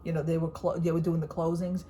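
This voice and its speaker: A woman's voice: low-pitched, flat delivery, fast talker, mellow, slight background noise. A middle-aged woman, blunt and chatty, telling a story and quoting what people said. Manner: chatty, blunt, retells conversations with quoted lines. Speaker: vlogger. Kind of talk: casual storytelling chat.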